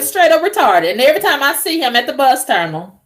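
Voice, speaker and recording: A woman vlogger ranting to camera with profane, animated storytelling, laughing at her own jokes. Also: sits high, fast. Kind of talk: unscripted rant to camera.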